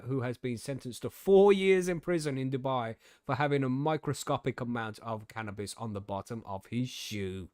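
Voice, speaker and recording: A man's voice: medium pitch, darkish tone, no room sound, clean studio sound. A young man from the UK hosting a podcast, telling stories and reading news in a casual, laughing, swearing way. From United Kingdom. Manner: swearing, laughing, gobby storytelling. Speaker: podcast host.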